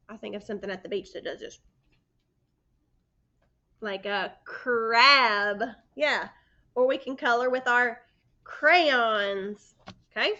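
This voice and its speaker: Woman, first grade teacher; slow, patient phonics delivery, slightly higher voice, dull lo-fi recording. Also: sharp tone. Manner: slow, patient, sounds out letters and prompts the children. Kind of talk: phonics lesson for young children. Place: indoors by a sunny window.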